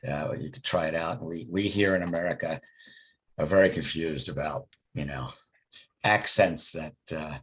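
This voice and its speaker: Deep voiced guy hosting a zoom meeting, jokey, muffled audio w a little hiss. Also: normal speed, fairly bright tone, breathy edge. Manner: joking, fumbles words. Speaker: meeting host. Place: video call. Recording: dull call audio with faint noise.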